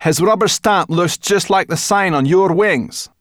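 A plucky young brownie girl, as a reader puts her on, bold and direct in the way she speaks. Her voice sits noticeably higher than a plain reading voice and carries loud, eager calls. The storybook recording is dry and close. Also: measured pace, no room sound, natural voice. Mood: matter-of-fact. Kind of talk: audiobook character voice.

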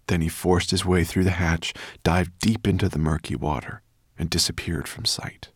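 A man narrating a story in an expressive, dramatic way. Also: low voice, normal speed, husky, no room sound, clean studio sound. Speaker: audiobook narrator. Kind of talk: scripted narration.

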